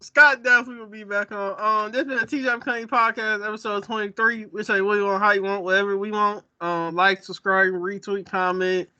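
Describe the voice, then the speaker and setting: A man's voice: high voice, fairly even intonation, fairly quick, hardly any pauses, pushed and bright, smooth, no echo. A man hosting a podcast, talking in a laid-back casual way with fillers. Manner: laid-back, wraps up with plugs and filler words. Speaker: podcast host. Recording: dull, dry lo-fi sound.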